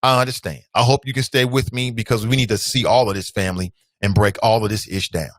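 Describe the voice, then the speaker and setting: A man's voice: lowish voice, steady tone, quick pace, no room sound. A male talk show host speaking earnestly and directly to his audience, whom he calls family. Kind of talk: casual commentary.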